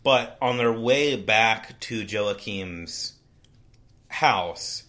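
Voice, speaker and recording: Chatty man with a bright voice. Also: lowish voice, extremely slow. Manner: rambling, with frequent restarts and "like". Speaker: podcast co-host. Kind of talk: casual book discussion.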